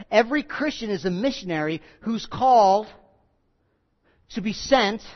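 A male pastor preaching a sermon, emphatic, repeating key phrases and swinging between loud and quiet. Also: high voice, lo-fi sound.

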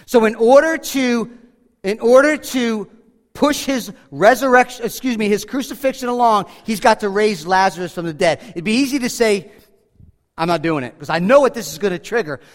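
A man's voice: high voice, normal speed. A pastor preaching a sermon, talking casually with asides and humor as he walks through a passage. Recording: hall reverb.

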